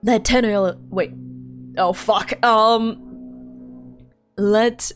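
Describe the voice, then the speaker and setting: A young woman streaming a game, chatting casually in an excitable, chatty way and laughing often. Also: mid-range voice, drawn-out words, soft background music. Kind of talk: casual gaming stream chat.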